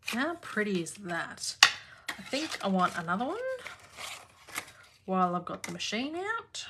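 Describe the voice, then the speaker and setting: An Australian woman with a mid-range, very animated voice speaks at a measured pace, with background noise audible. She runs a live craft class from her home craft room, chatting casually and laughing often as she works.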